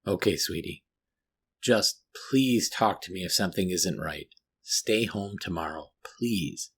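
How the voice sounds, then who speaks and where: A man voicing a loving, anxious mother gently pleading with her daughter, in a horror story reading. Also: deep voice, unhurried, gravelly, breathy edge, heavily acted. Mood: tender.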